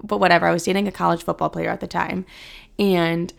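A woman's voice: lowish voice, flat delivery, fast talker, creaky. A young woman in her twenties hosting a solo podcast, chatting casually, full of filler words and swearing freely. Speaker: podcast host.

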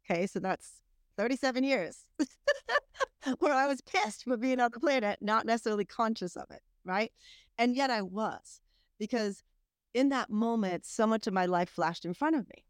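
A middle-aged woman, a podcast guest, telling her own story in a candid, animated way, often saying "like". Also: on the high side, normal speed, clear, resonant tone, no room sound, studio quality. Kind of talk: casual storytelling.

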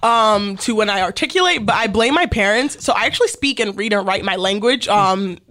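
Animated, blunt young woman. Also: mid-range voice, a little fast. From Africa. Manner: animated, laughing often, blunt. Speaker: guest. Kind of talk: casual interview chat.

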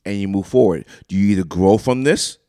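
A man co-hosting a casual beer-and-sports podcast, loud and joking, with sudden shouted bursts. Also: lowish voice, brisk, dry recording, studio quality. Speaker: podcast co-host. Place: small room, two mics.

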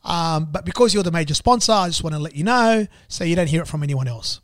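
Aussie guy doing a calm club boss on the phone, higher voice, dry sound. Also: quick pace, dry recording. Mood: reassuring. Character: club CEO, man, calm and reassuring.

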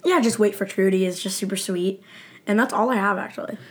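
A woman's voice: medium pitch, brisk. Laid-back woman co-hosting a chat. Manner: relaxed, laughs along and gives short agreeing replies. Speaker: podcast co-host. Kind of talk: casual chat recapping a TV episode.

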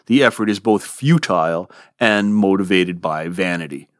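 A man giving a podcast lecture on poetry in an expressive, lively way, relishing the verse. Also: low-pitched, moderate pace, no room sound, studio quality. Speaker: literature lecturer.

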